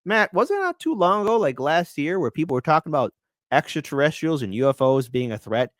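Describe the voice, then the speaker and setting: Animated man, lively acted-out asides. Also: fairly high pitch, fairly quick, no room sound, studio quality. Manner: animated, acts out quoted voices, many restarts. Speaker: guest co-host. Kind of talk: casual podcast political chat.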